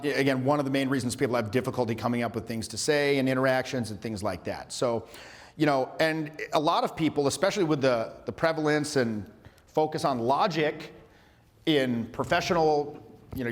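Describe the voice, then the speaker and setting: A man coaching a class in a casual teaching talk, who acts out quotes in silly high voices. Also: in a large hall. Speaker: social skills coach.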